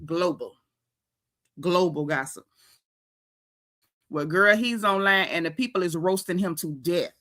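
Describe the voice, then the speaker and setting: A woman with an African American English accent hosting a gossip commentary stream, talking in a sassy, indignant, animated way. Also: on the low side, moderate pace, few pauses. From United States. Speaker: gossip show host. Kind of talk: casual commentary livestream.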